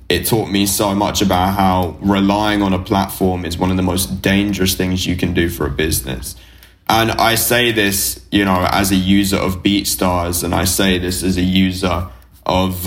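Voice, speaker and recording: A man from the UK co-hosting a podcast, talking frankly and bluntly with lots of swearing and filler words. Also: sits low. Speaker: podcast co-host. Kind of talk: casual chat.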